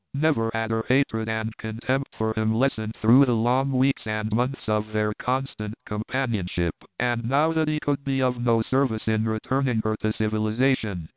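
A man narrating an adventure novel in a steady, measured reading. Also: medium pitch, clean tone, no room sound. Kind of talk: audiobook narration of adventure fiction. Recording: tinny, band-limited dry audio.

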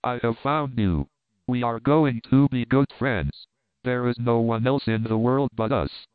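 A man's voice: medium pitch, unhurried, smooth, no echo, lightly acted. A man putting on a leering German officer. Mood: mocking. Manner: mocking, hollow laughter, wheedling. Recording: dry, tinny phone-like sound.

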